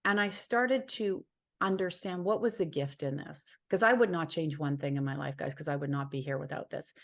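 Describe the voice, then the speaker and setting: A psychic and healer from Ontario, Canada, shares a personal story as an interview guest, speaking earnestly from the heart and repeating phrases for emphasis. Her voice is low and gravelly, at a normal speed.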